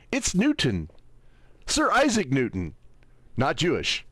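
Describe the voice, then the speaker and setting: A man with a somewhat high voice gives slow, sarcastic livestream commentary, his pitch swinging widely as he mocks and quizzes an unseen audience. The sound is dry and close, with no room around it. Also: huge pitch swings, a bit bright, dry recording. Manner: sarcastic, mocking, keeps asking "right?"; squints at small text, reads aloud haltingly. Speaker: livestream host. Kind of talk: livestream commentary while browsing.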